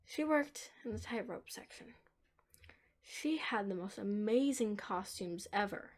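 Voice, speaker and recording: A woman narrating a dark story, moving between hushed whispers and emphatic lines. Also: medium pitch, animated, unhurried.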